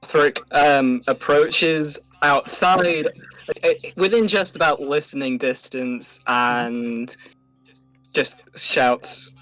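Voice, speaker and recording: A man playing in a tabletop role-playing game, talking slowly and hesitantly as he decides what his character does. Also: mid-range voice, fairly bright tone, no room sound, faint music behind, rough recording. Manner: slow, hesitant, in-character decisions. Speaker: player.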